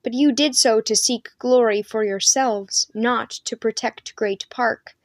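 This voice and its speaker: A woman voicing a stern male ranger commander who scolds in a grave, measured way. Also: fairly high pitch, steady tone, lightly acted. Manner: solemn, measured reproach.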